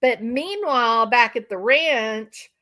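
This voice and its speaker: Older woman commentator, slow deliberate talk, sarcastic and indignant tone. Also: on the high side, animated, pushed and bright. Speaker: commentary channel host. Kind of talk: reaction commentary to live-stream chat.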